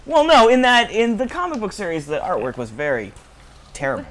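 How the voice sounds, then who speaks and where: A man co-hosting a casual panel show, reading news with halting restarts. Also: high voice, wildly swooping pitch, crowd noise. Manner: halting, restarts mid-sentence.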